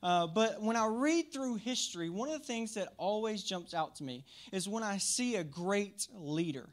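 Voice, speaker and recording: A man's voice: high-pitched, lively intonation, normal speed. A man preaching a sermon in a church as pastor, with a slight country twang, upbeat and chatty, talking to the room and to viewers online. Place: church sanctuary.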